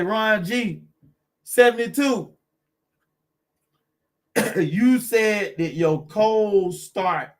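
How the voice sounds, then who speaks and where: A man hosting a car channel live stream, chatting with viewers in a laid-back, encouraging way and greeting them by name. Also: sits high.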